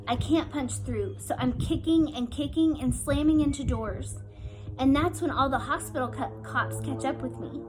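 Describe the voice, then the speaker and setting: A woman reads a first-person story aloud in a high, clear voice, earnest and pressing forward through the tense passages. Music plays clearly behind her reading. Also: poor audio. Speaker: audiobook reader.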